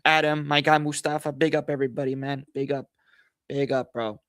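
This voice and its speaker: A man hosting a football analysis livestream, hoarse from losing his voice, talking in a frustrated, rambling way full of fillers and repeated phrases. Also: mid-range voice, little pitch movement, a little fast, a bit bright, no room sound, studio quality. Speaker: football channel host.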